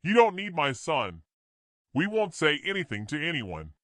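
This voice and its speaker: A man voicing an older father who speaks in a calm, measured, pleading way. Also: a little high, dry recording, voice pushed up.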